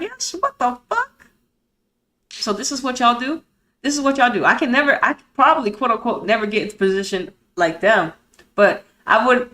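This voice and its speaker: A woman streamer hosting her stream reads a report aloud in a slightly high, somewhat bright voice. She keeps breaking off into blunt, profane, indignant commentary packed with rhetorical questions and street slang.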